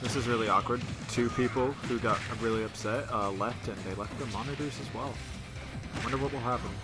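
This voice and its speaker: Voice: medium pitch, fairly even intonation, a little fast, over loud music. An esports co-commentator at a live tournament, cracking wry jokes and erupting into laughing screams.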